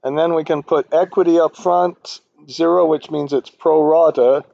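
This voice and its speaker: A man's voice: fairly even intonation, normal speed, gravelly, dark tone. Rambling opinionated male finance teacher. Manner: rambling, opinionated, frequent fillers and restarts. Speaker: finance instructor. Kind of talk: screen-recorded spreadsheet tutorial. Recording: dull, dry low-fidelity audio.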